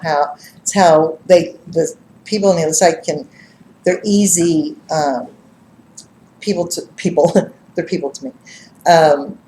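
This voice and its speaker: A middle-aged woman, a psychic reader, telling stories casually to a live group, lively and laughing as she acts out what others said. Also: low voice, reverberant, slight background noise, rough recording. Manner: animated, laughs and acts out quotes. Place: live-streamed gathering room.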